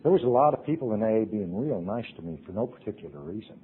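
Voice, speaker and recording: A middle-aged man giving an earnest personal testimony to a recovery convention audience, swinging from loud to hushed. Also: fairly low pitch, lively intonation, quick pace, slightly rough. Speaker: recovery meeting speaker. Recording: tinny lo-fi tape recording.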